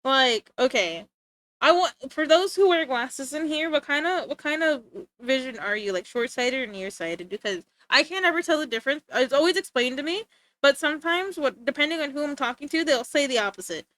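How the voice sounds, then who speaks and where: High bright-voiced giggly woman streamer. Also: animated, a little fast, no room sound. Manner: playful, giggly, mock-threatening. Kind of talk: casual live-stream chat.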